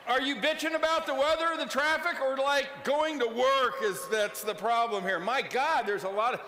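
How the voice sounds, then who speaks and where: A man giving an energetic motivational keynote, calling out questions to the audience and leading exercises. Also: very high voice, slight background noise. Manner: energetic, calls out to the audience, asks quick questions. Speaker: keynote speaker. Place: large event hall. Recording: roomy hall sound, faint ambience.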